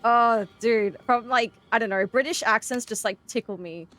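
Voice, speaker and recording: Australian woman, young, bright tone, slightly high voice, excitable streaming chatter. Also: moderate pace, faint music behind. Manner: chatty, excitable, greets chat. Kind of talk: casual gameplay stream chat.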